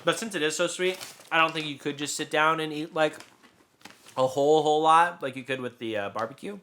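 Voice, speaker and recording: A man co-hosting a podcast, chatting casually while tasting snacks, rambling and joking with loud bursts of laughter. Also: fairly high pitch, brisk, slight background noise. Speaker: podcast co-host.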